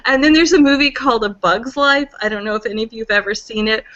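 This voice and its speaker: A woman's voice: on the high side, fast talker, sharp tone. A woman entrepreneur answering on a panel, chatty and laughing easily. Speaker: entrepreneur, competition winner. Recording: muffled lo-fi recording.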